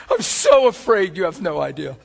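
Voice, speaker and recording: A man preaching a sermon and telling his own story, animated, swinging between hushed and loud, often chuckling as he speaks. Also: sits high, unhurried, creaky, breathy edge. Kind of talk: sermon with personal testimony.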